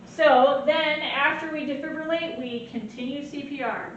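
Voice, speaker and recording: A woman teaching a nursing lecture in an animated way, often checking in with "right?". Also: sits high, a little slow, few pauses, slight background noise. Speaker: nursing instructor. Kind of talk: recorded lecture. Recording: very echoey, distant, muffled.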